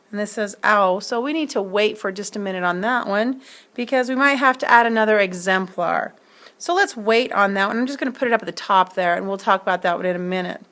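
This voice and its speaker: A woman teaching a phonics lesson, sounding words out slowly and spelling them letter by letter. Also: medium pitch, a bit bright.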